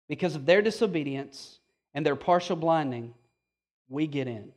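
A high-voiced man preaching a sermon, talking to the congregation in a casual way with rhetorical questions. He moves between loud, emphatic stretches and slow, hushed ones. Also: expressive. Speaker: pastor.

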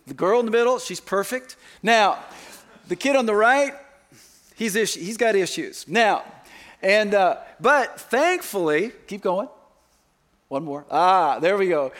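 Man, middle-aged, pastor, sermon, high voice, casual and joking. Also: fairly bright tone. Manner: conversational, with joking asides and restarts. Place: church sanctuary.

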